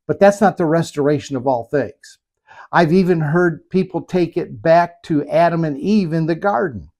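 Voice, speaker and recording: A man's voice: fairly high pitch, darkish tone. A man preaching a sermon, emphatic, asking rhetorical questions and repeating phrases for effect. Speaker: pastor.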